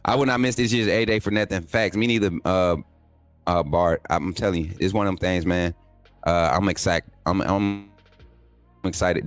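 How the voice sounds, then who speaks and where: A man's voice: moderate pace, dry recording. Man, livestream host, casual, dry close sound, faint background music. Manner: laid-back, talks to chat as "man" and "y'all", pitch jumps up when excited. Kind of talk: casual livestream chat reading viewer comments.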